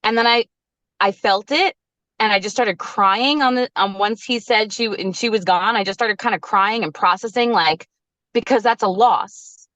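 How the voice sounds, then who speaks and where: A woman in her thirties tells a personal story in a candid, conversational way. Her pitch climbs high when she acts out what she and others said. The audio is dry and a little dull. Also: normal speed, no echo. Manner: animated, acts out her own quoted lines. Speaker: podcast guest, resilience coach.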